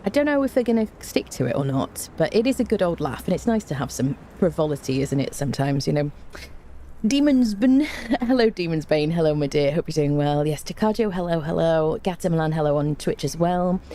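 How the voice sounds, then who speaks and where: Tired, chatty woman streamer, mellow voice. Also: low-pitched, expressive, a little fast, a little hiss or hum. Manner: chatty, bubbly, many repeated hellos. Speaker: game streamer greeting chat. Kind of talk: casual live-stream chat.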